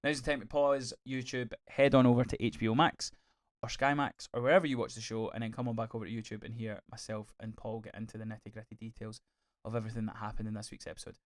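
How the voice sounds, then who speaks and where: A man's voice: medium pitch, little pitch movement, fast talker. Gushing man, sweary podcast chat. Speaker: podcast co-host. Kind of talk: casual review chat.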